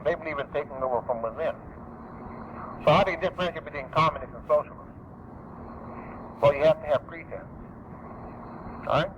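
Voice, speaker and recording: A man giving an emphatic public speech, driving points home by repeating key phrases, heard on an old archival recording. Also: a little high. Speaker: public speaker. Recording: dull lo-fi archival tape with faint noise.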